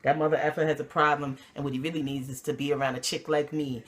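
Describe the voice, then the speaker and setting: A woman from New York hosting a casual TV review chat, talking in an animated, slangy, emphatic way. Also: deep voice, fast. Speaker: host.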